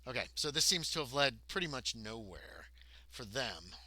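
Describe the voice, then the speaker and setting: Bright-voiced male game master. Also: medium pitch, very animated, normal speed, no room sound. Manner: rambling narration with many ums and self-corrections. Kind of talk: narrating a tabletop game.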